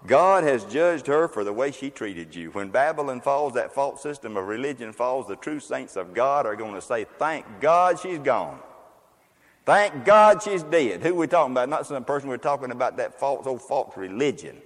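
A man preaching a sermon as a pastor, emphatic and fiery, with loud exclamations and quieter asides. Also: mid-range voice, animated, brisk, few pauses, in a large hall.

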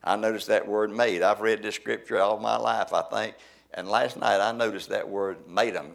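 A man's voice: on the low side, fairly even intonation, moderate pace, creaky. Folksy preacher man. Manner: folksy, conversational, swings from loud emphasis to quiet asides. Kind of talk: sermon.

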